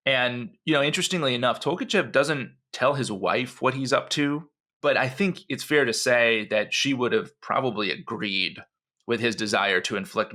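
A man co-hosting a history podcast, telling the story in an animated, conversational way with frequent asides. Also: medium pitch. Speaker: podcast co-host.

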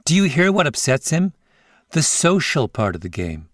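A male podcast host narrating a scripted story in a measured way, with interview clips in between. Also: on the high side, big pitch swings, no room sound, studio quality.

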